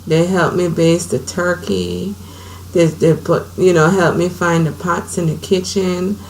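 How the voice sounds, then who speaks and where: Storyteller woman, thirties, earnest and chatty, lowish voice, faint hum behind. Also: flat delivery, measured pace, poor audio. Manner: earnest, conversational, drifts softer at times. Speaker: vlogger telling her life story. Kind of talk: personal storytelling to camera.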